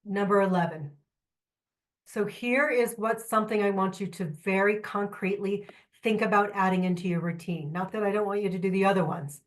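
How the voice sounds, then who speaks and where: A woman trainer giving a lively, candid workshop talk to a live audience, with joking asides and questions to the room. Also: mid-range voice, brisk. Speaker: trainer presenting at a symposium.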